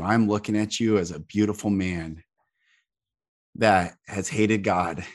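A man's voice: on the low side, fairly even intonation, a little slow. A man hosting a podcast who speaks fervently and repeats himself for emphasis in an emotional spiritual conversation. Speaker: podcast host.

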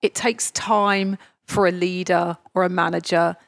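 A woman's voice: on the low side, steady tone, unhurried, gravelly, no room sound, clean studio sound. A woman from England hosting an interview, chatty and asking questions in a casual way. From Chatham, England. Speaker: interviewer, host.

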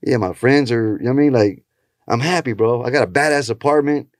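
A man's voice: brisk, no echo, studio quality. A comedian telling stories in casual chat, acting out the people he quotes. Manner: storytelling, acting out quotes with shifting pitch.

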